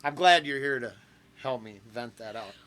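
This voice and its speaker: A man's voice: mid-range voice, moderate pace, raised voice, background noise. A man hosting a reaction channel, chatting casually and rambling with fillers and restarts. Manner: rambling, with fillers and self-corrections.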